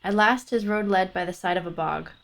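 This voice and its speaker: A woman's voice: medium pitch, a little fast, vocal fry, fairly bright tone. A woman reading a folk tale aloud for her book club stream, stopping for chatty asides. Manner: chatty, thinks aloud between passages.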